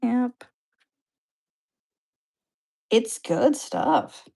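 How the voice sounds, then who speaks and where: Slow-talking woman in teasing chat. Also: on the high side, animated, vocal fry, mellow. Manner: unhurried, teasing, easily amused. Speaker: co-host. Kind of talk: casual chat.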